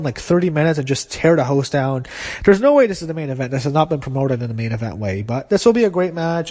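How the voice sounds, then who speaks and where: A man with a slightly high voice hosts his own show and gives his wrestling predictions in a casual, blunt and opinionated way. He swears freely and speaks with conviction. A long reverb trails behind his words.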